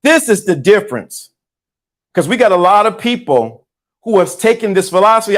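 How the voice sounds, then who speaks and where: High-voiced man preaching to his chat. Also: sing-song, normal speed. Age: 50s. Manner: preachy, repeats lines for emphasis. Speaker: host. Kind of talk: motivational talk to a live chat.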